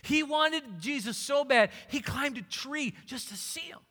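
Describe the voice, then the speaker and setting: Pastor, male, fervent preacher acting out scripture, very high pitch, echoing hall. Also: expressive, unhurried, few pauses, sharp tone. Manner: preaching with rising fervor, acting out Bible scenes. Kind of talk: sermon.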